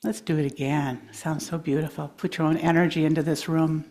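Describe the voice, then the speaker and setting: Gentle woman guiding a breathing exercise. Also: sits low, little pitch movement, a little fast, background noise. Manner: gentle, encouraging, laughs easily. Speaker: guest speaker. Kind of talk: guided breathing exercise in a talk. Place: congregation hall.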